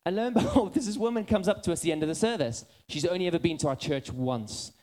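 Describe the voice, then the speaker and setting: Man, church preacher, mellow voice, joking self-mocking sermon. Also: high-pitched, animated, quick pace. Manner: humorous, self-deprecating storytelling.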